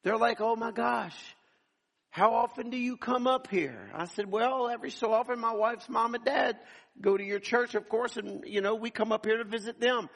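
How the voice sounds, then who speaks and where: A man's voice: extremely high pitch, moderate pace, vocal fry, fairly bright tone. A man, preaching a sermon in a church and telling stories animatedly, acting out the people he quotes. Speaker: pastor. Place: church sanctuary.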